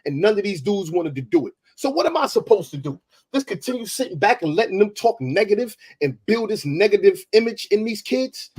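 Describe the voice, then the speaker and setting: A man's voice: sits high, lively intonation, brisk, darkish tone, slightly rough. A man, debating in a heated, confrontational way and repeating himself for emphasis.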